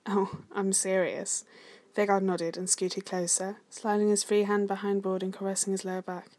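Woman reader, steady soft narration, mid pitch, reading aloud. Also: brisk. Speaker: story reader. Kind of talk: read-aloud fan fiction narration.

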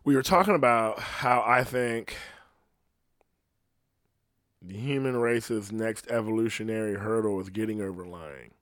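A man's voice: on the low side, unhurried, pauses often, a bit bright, no room sound. A man ranting in a casual, profane monologue, rambling and often asking "you know what I mean", on a close mic in a small room. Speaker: podcast host.

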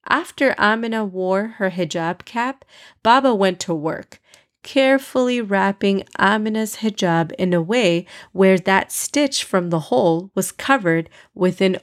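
Woman reading a children's story. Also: medium pitch. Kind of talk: children's storybook read aloud.

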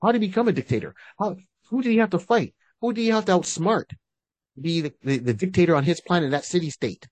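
His high voice is expressive and fast, with no echo, as he co-hosts a podcast. He chats at length and casually about fan-casting, often beginning his sentences again.

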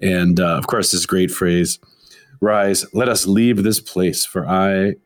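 A man's voice: sits low, steady tone, takes it slowly. A man co-hosting a podcast in casual discussion, explaining a text and reading passages from it aloud. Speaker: podcast co-host.

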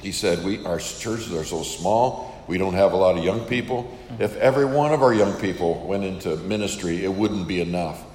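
A man's voice: low-pitched, moderate pace, hardly any pauses, darkish tone, reverberant, in a large hall, slight background noise. An older man who is a missionary, casually telling a story to an audience and acting out the dialogue. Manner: casual, chatty, acts out quoted dialogue.

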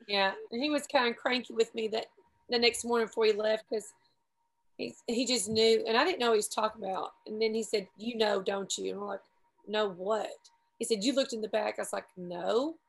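A middle-aged woman tells a long, rambling story to friends, with a slightly high voice. She talks casually and often laughs at herself along the way. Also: steady tone, a little fast, creaky, poor audio. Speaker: paramotor pilot telling a story. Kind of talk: casual group chat.

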